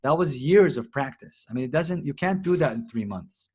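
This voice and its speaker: A man's voice: mid-range voice, normal speed, breathy edge. A man from Israel, a native Hebrew speaker, talking animatedly as an actor and director being interviewed, often restarting his sentences. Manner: animated, expressive, many restarts. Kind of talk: casual interview conversation.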